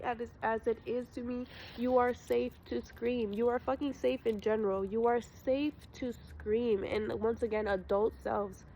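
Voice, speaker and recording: A woman's voice: a little high, a little mellow, highs cut off, slight background noise. A young woman vlogger telling her personal story to viewers, raw and profane, calling them y'all. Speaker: spiritual vlogger. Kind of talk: emotional personal storytelling to camera.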